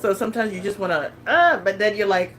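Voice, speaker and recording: Speaking fast with a steady, mid-range voice, a woman in her thirties from California makes casual vlog chatter about lifestyle topics. Fillers, restarts, and frequent laughter fill her talk, and the recording is rough.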